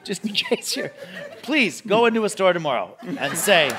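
A man hosting a live comedy quiz on a theatre stage, jokey and quick with asides. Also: high-pitched, huge pitch swings. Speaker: quiz host. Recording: live theatre audience, light noise. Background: audience laughing and clapping.

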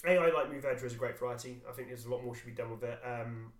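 A man talks quickly as he gives blunt, opinionated takes on wine in a casual podcast chat. His voice is at an ordinary middle pitch, and the room has a noticeable echo. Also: steady tone. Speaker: podcast co-host, wine seller. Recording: echoey room.

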